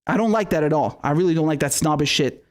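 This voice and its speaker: A man's voice: a little high, fast talker. A man hosting a live-streamed political commentary show, ranting in a heated, profane way.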